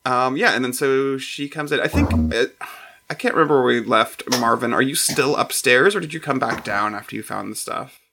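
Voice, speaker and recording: A man's voice: mid-range voice, gravelly, sharp tone, a little hiss or hum. A man running a tabletop game as game master. He laughs often, jokes at his own expense, and halts on fillers. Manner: laughing, self-deprecating, halting fillers.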